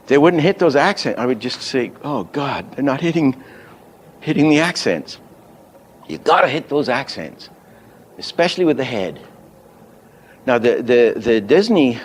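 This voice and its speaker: An older man teaching animation, unhurried and thinking aloud, often stopping to act out a line reading. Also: lowish voice. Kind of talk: teaching lecture.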